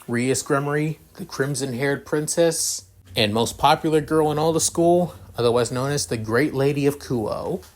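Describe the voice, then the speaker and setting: A man's voice: mid-range voice, moderate pace. A man narrating a fan story in a rambling, filler-heavy way, with casual cursing.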